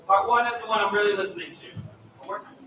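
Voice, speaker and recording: Upbeat male choir clinician, high voice, recorded from far off in a noisy, echoey hall. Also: fast talker. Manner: upbeat, encouraging, demonstrates vocal sounds. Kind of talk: choir rehearsal coaching. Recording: echoey hall, distant mic, loud ambient noise.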